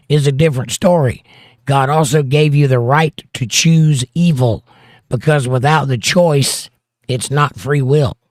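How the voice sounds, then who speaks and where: Reading his viewers' comments aloud, a middle-aged Southern man keeps things light and jokey on his livestream. His voice leans high with a darkish tone, and the recording is dry and studio quality.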